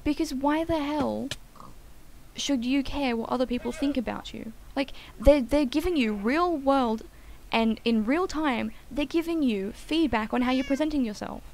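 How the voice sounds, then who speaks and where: A young woman talks casually while gaming, rambling from point to point with plenty of fillers. Her voice sits a little high and carries a gravelly fry. She states her opinions bluntly. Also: moderate pace, a little mellow, a little hiss or hum, poor audio. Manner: chatty and rambling, frequent "like" and "um". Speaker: gaming channel co-host.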